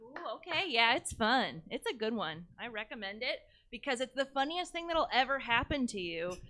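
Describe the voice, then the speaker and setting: A woman's voice: on the high side, very animated, normal speed, sharp tone. A woman doing a stand-up set on a comedy stage, talking straight to the audience with a wry tone.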